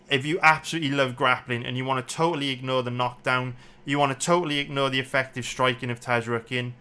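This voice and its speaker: This is angry fight breakdown commentary from an MMA betting analyst, who goes through the bout round by round while swearing and repeating himself as he works himself up. He talks quickly in a mid-range voice that is level, sharp, and smooth.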